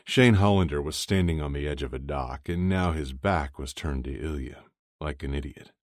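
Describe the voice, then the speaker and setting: A man narrating an audiobook in an even, measured reading. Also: rumbling low, no room sound, clean studio sound. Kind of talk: scripted narration.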